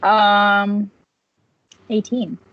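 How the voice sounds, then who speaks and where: A woman's voice: medium pitch, level tone, extremely slow, highs cut off. A woman player in a tabletop game, giving brief, easygoing replies. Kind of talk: casual chat.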